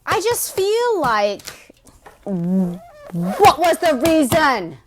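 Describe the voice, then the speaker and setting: A woman co-hosting a casual podcast, talking bluntly and swearing freely. Her voice moves a lot in pitch as she throws in sarcastic asides about a novel. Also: wildly swooping pitch, extremely slow, a little hiss or hum. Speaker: podcast co-host. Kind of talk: casual chat recapping a book.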